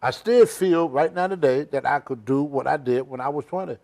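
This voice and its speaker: A man's voice: fairly high pitch, moderate pace, creaky, darkish tone. An older man, a senior citizen, telling emphatic, rambling stories with loose grammar as an interview guest. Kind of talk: shoot interview storytelling.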